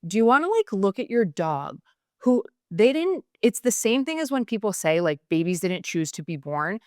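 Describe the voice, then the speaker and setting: Her voice sits at medium pitch, very lively and a little mellow, as this young adult podcast host talks fast and enthusiastically in a casual chat packed with fillers. The recording is dry and studio quality.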